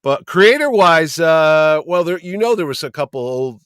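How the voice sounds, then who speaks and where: A middle-aged man, a convention producer, telling lively anecdotes as a guest and acting out the people he quotes. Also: fairly high pitch, normal speed, smooth, no echo, clean studio sound. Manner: lively storyteller who acts out quoted people. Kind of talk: casual podcast chat, anecdotes.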